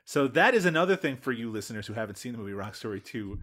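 A man hosting a podcast in a playful, mock-dramatic way. His pitch swings widely as he builds up big pronouncements. He swears freely and casually. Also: very animated, racing, hardly any pauses, fairly bright tone. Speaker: podcast host.

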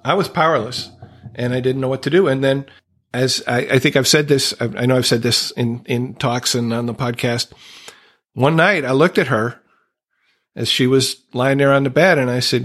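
A man's voice: medium pitch, normal speed, a bit bright. A man speaking as a podcast guest, earnest and reflective, candidly telling a personal recovery story and openly emotional at times.

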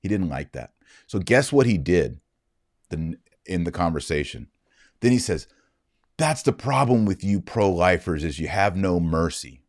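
Deep-voiced man telling an indignant story. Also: expressive, measured pace, dry recording, studio quality. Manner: emphatic, indignant retelling. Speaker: Catholic commentator. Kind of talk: storytelling monologue.

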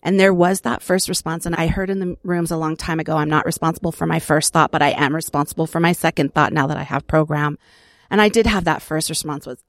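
A woman's voice: low voice, steady tone, a little fast, no echo. Earnest woman, dry close sound. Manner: earnest, reflective, laughs softly between phrases. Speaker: recovery program member sharing her story. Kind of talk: personal testimony.

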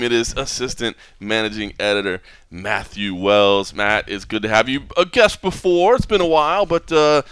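A man hosting a podcast in casual chat, lively and rambling, with plenty of fillers and restarts. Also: a little high, smooth, dry recording. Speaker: podcast host. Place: hotel or venue room.

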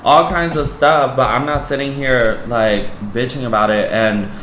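A chatty man co-hosting a casual podcast, griping in an exasperated way and leaning on "like" and "girl". His voice sits at an ordinary pitch. It echoes around a room with faint background noise. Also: steady tone, moderate pace, fairly bright tone. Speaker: podcast co-host. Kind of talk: casual chat. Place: apartment room.

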